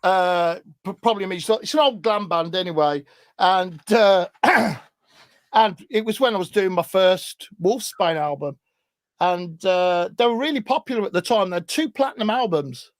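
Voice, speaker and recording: A man, a guest in casual chat, telling stories with animation and growing loud as he laughs. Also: high voice, moderate pace, no room sound. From England. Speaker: guest musician.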